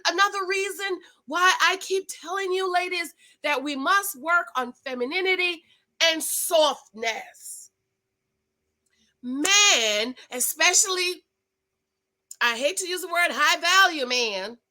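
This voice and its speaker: Middle-aged woman, bright high voice, chatty and emphatic recapping a show. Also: poor audio. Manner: animated, emphatic, preachy asides to viewers. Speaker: reality show recap host. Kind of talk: casual chat.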